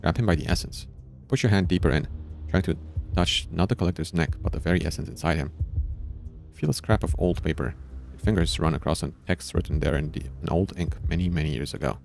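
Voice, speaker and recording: A man's voice: rumbling low, a little fast, gravelly, faint music behind. A man streaming a narrative game, reading the story aloud and making casual asides in between.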